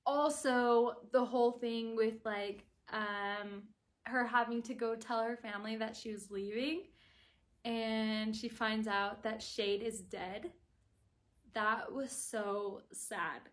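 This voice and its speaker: A woman's voice: on the high side, steady tone, slow. A woman chatting casually to her viewers in a video review, gushing about a book and filling her talk with "like". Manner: gushing and chatty, with constant "like" fillers.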